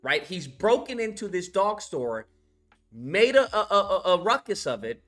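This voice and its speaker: Animated, profane, high-voiced male film reviewer. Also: a little slow, faint music behind. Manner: profane, animated, retells scenes by acting them out. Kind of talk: casual film recap.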